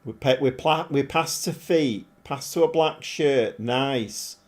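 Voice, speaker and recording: A middle-aged man commentating live on his football management game, animated and often shouting at his players. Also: medium pitch, slow. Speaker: game streamer.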